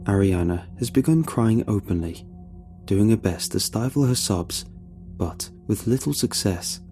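A man telling a first-person horror story in a tense, measured way. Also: lowish voice, expressive, music in the background.

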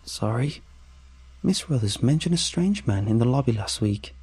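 A man's voice: mid-range voice, lively intonation, normal speed, darkish tone, breathy edge. Curt plainclothes policewoman, as a man reads her. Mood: brusque. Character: brusque impatient plainclothes policewoman, adult.

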